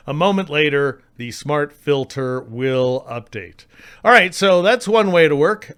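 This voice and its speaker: Chatty, wry man teaching software. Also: on the high side, clean tone. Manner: chatty, wry asides, playful exaggeration. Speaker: software tutorial host. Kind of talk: screen-recorded software tutorial.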